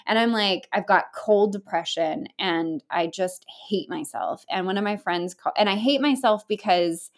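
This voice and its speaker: A woman's voice: medium pitch, normal speed, hardly any pauses. A woman speaking as a guest in a candid interview, telling a story earnestly and in a rambling way, full of restarts and filler words, and swearing casually. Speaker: podcast guest.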